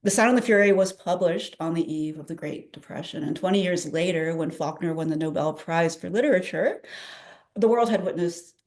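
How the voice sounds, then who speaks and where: A woman's voice: on the low side, fairly quick. Enthusiastic woman giving a talk. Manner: animated, enthusiastic, with frequent fillers. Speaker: presenter at a public domain celebration. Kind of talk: presentation talk.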